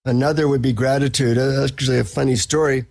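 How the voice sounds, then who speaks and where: A middle-aged man, a psychotherapist and author, chatting as a podcast guest and telling anecdotes in a relaxed, self-deprecating way. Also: mid-range voice, quick pace, creaky. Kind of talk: casual interview storytelling.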